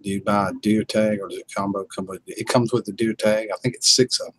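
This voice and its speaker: A man's voice: lowish voice, fairly even intonation, fairly quick, no echo, poor audio. A man hosting a casual livestream, chuckling and telling laid-back stories to viewers. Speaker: livestream host.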